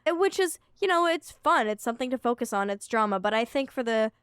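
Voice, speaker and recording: Smooth-voiced young woman, chatty. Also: fairly high pitch, expressive, fairly quick, a bit bright, no echo, clean studio sound. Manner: chatty, reflective, laughs often. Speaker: podcast co-host. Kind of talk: casual chat.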